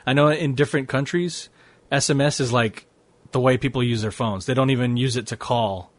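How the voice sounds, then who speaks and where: A man's voice: mid-range voice, brisk, dry recording. A man co-hosting a casual tech podcast, easygoing and joking, laughing along with his co-host.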